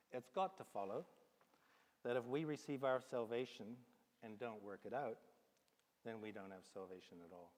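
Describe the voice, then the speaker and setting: Man, New Zealand accent, sermon storytelling, acts out voices, hesitant ums, long reverb from the hall. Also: medium pitch. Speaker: preacher. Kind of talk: sermon with a told allegory. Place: church hall.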